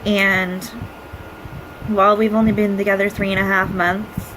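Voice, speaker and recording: A woman's voice: mid-range voice, level tone, a bit bright, slight background noise, rough recording. Emotional young woman holding back tears. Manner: emotional, halting, many pauses and fillers. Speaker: vlogger. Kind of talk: personal video message.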